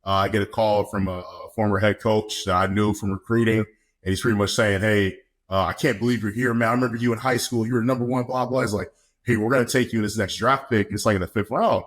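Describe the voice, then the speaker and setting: Young man, low voice, laid-back storytelling, laughs a lot, podcast guest. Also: fairly even intonation, fast. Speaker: podcast guest, football player. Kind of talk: casual storytelling.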